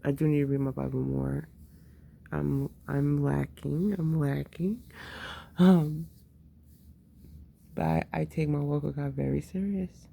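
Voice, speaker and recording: A woman's voice: low-pitched, fairly even intonation, a little slow, vocal fry, pauses often, warm tone. A woman and mother talking candidly in a casual personal monologue, swearing freely and laughing often.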